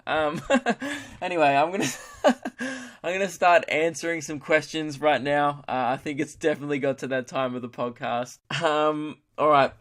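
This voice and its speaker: A man's voice: fairly high pitch, moderate pace, fairly bright tone. A young Australian man hosting a solo comedy podcast. He rambles, mocks himself, swears freely and talks in broad slang. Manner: rambling, jokey, self-mocking, swears freely. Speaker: podcast host.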